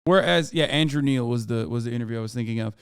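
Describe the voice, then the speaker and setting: A man's voice: medium pitch, fast talker, clear, resonant tone, no echo, studio quality. A male streamer host giving blunt, profane reaction commentary in a casual, riffing way.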